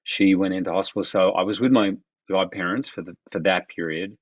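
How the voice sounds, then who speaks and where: A man, animated as he tells personal stories in a podcast interview. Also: low-pitched, brisk, no room sound, muffled recording. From Australia. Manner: animated, acts out quoted voices of others. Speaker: guest. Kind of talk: reflective storytelling in conversation.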